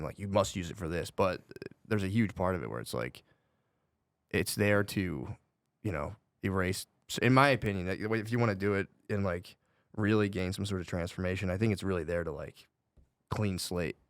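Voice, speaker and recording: Brief: a fast, low-pitched man swearing freely through animated podcast banter, dry and close. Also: dry recording. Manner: profane, animated storytelling. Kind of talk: casual podcast conversation.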